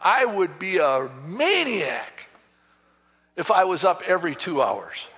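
A man preaching a sermon, folksy and animated, acting out bits of dialogue as he tells stories. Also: high voice, slow pace, husky. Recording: dull echoey hall from a distance.

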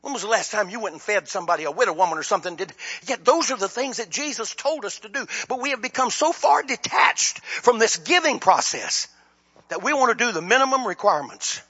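A man preaching a sermon, swinging from shouted appeals to low, quiet asides. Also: animated, fairly quick, breathy edge, lo-fi sound. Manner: impassioned, rises to shouts then drops low.

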